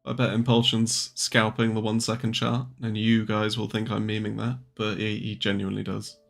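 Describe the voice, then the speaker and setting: A man's voice: lowish voice, monotone, normal speed, gravelly. A young man hosting a trading livestream. He chats casually, swears, and jokes while answering viewers' questions. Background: faint music.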